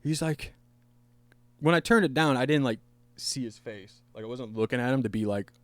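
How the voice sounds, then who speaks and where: A man's voice: mid-range voice, normal speed, dry recording. Casual, profane male podcast storyteller. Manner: rambling, profane, laughing at his own story. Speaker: podcast host. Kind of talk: casual storytelling among friends.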